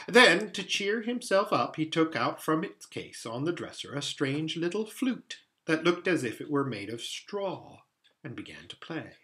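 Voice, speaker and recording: A man reading a children's book aloud in an expressive, dramatic way. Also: on the high side. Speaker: storyteller.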